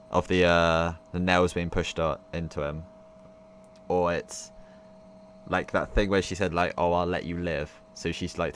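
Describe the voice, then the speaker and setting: A young man live-streaming a visual novel, rambling casually with lots of fillers and the odd swear. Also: sits low. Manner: rambling, filler-heavy, swears, laughs loudly. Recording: noisy stream audio with hum.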